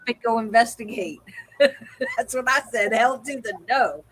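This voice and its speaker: A woman co-hosting a livestream, telling an animated story in casual chat and acting out the voices of the people in it. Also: fairly high pitch, unhurried, a crowd in the background, rough recording. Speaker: co-host.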